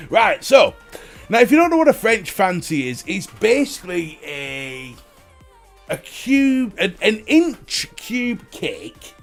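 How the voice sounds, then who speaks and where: Jokey male stream host, high and animated, light music underneath. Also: takes it slowly, creaky. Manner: jokey, animated, swears freely. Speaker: livestream host. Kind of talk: casual chat greeting viewers.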